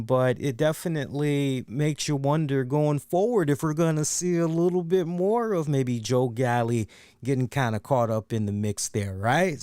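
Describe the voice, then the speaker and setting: A man's voice: fairly high pitch, clean tone, no echo, clean studio sound. A man hosting a casual solo wrestling review, rambling enthusiastically, repeating words and acting out quotes.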